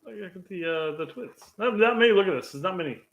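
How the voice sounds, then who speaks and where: A man co-hosting a casual soccer talk show, laid-back, with halting restarts and chuckling asides. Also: high-pitched, animated, fairly bright tone. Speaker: podcast co-host. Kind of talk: casual chat.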